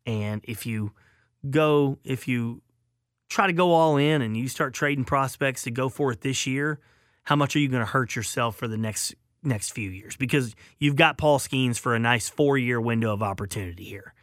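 Punchy, bright-voiced sports talk host. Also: male voice, medium pitch, normal speed, dry recording, studio quality. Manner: emphatic, opinionated, trailing off at phrase ends.

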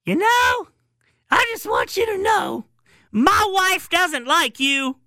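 A man's voice: extremely high pitch, big pitch swings, takes it slowly, pushed and bright, dry recording, studio quality, pitched above the performer's own voice, exaggerated voice. A man mimicking a blunt old football coach. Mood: deadpan.

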